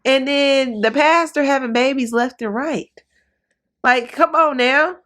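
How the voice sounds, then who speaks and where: A woman giving blunt, gossipy commentary on a reality TV episode in a casual, animated way. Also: high-pitched, a little slow. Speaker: reaction commentator.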